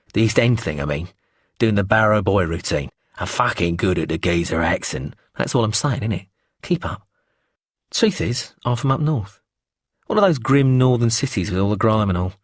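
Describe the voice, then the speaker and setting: A man's voice: fairly low pitch, dry recording, studio quality. A man voicing a cocky, foul-mouthed male hustler in an audiobook, talking in a boastful, swaggering way. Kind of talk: audiobook character reading.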